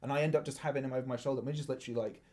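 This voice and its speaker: A man's voice: mid-range voice, fairly even intonation, very fast, dark tone. A man, co-hosting a podcast, eager and chiming in often. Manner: eager, chimes in with short agreements. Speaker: podcast co-host. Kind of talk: casual chat.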